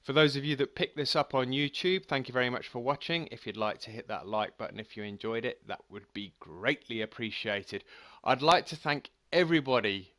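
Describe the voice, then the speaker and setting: A man's voice: medium pitch, steady tone, brisk, few pauses, sharp tone, no echo. A man giving casual, self-critical commentary on his own golf video game round and signing off to viewers. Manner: frank, self-critical, chatty sign-off. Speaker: gaming channel host.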